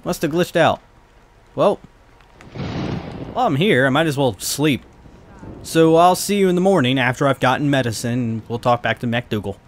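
A man's voice: mid-range voice, normal speed, long pauses, a little hiss or hum. A man giving casual gameplay commentary, chatty and prone to swearing as he reacts to the game. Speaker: let's play host.

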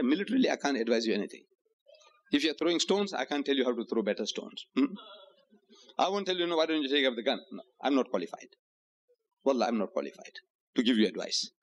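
A man's voice: medium pitch, slightly rough. A man from Africa, giving a public lecture in a hotel hall and driving his points home with rhetorical questions and repetition. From South Africa. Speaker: Islamic lecturer.

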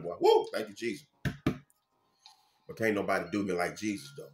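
A man's voice: lowish voice, moderate pace, long pauses, over music. Fervent preacher man in an echoey room. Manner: fervent, repetitive preaching with sudden bursts. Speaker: minister. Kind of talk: informal sermon.

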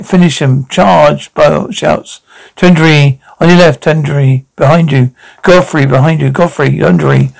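A man with a gravelly, slightly higher voice reads a whole drama script aloud on his own. He takes every part in the same flat read-through manner and calls out the sound cues as he goes. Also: poor audio. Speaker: reader voicing a TV drama episode.

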